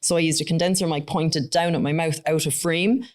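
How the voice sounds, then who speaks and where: A woman's voice: low voice, steady tone. A woman co-hosting a live podcast in a studio, chatting in a jokey, teasing way. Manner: jokey, teasing and quick to laugh. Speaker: podcast co-host. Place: recording studio with a live audience.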